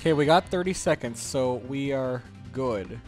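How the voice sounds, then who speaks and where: A man's voice: medium pitch, normal speed, music in the background. A man giving casual, jokey commentary while playing a video game, grumbling at the levels. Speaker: let's play host.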